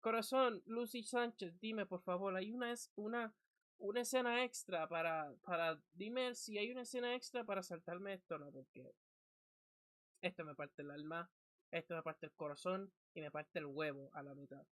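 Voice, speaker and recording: A man streaming a horror game, reacting in casual, excitable chat full of slang and switching between English and Spanish. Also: high-pitched, fairly quick, no room sound, low-quality recording.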